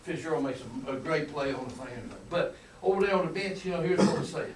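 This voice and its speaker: A man's voice: on the high side, lively intonation, fast talker. An older man, a football coach telling colorful, emphatic stories at a clinic and chuckling along the way. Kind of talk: folksy storytelling lecture. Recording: roomy, distant mic with faint room noise.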